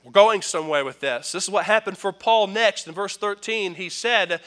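A male pastor preaching with a high, ringing voice. His delivery is emphatic, darting between hurried asides to the congregation and drawn-out, forceful declarations. He calls out for responses from the pews. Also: animated. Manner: emphatic preaching that swings from quick asides to loud pronouncements. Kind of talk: sermon.

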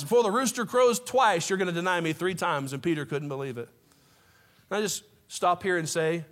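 A man preaching a sermon to his congregation, impassioned, with folksy asides to the room. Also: on the high side. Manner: impassioned, rising to near shouts. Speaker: pastor.

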